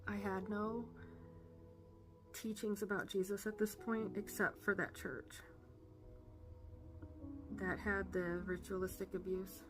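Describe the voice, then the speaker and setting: A woman giving an earnest personal faith testimony, halting with fillers and emotional. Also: medium pitch, level tone, music in the background. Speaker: testimony speaker.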